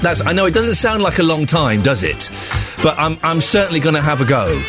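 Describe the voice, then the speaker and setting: A man in his thirties presenting breakfast radio in a chatty, animated way, muttering asides to himself. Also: on the high side, brisk, music in the background.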